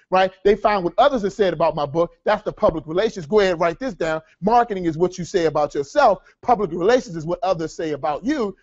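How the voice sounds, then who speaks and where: High-pitched guy hyping up a workshop crowd, kinda muffled recording. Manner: energetic, addresses audience as folks, asks rhetorical questions. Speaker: seminar speaker. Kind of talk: live workshop teaching.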